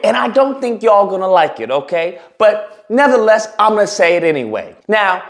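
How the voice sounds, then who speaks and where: High, animated man ranting mockingly. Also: normal speed, hardly any pauses. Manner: mocking, provocative, emphatic. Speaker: commentary YouTuber. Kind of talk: blunt opinion commentary.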